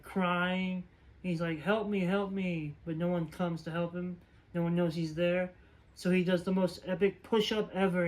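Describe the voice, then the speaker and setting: Man for a casual movie-review vlog: high-pitched voice, loose and rambling, full of "uh" and "like". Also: darkish tone, poor audio. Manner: rambling, filler-heavy retelling. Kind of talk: casual movie plot recap.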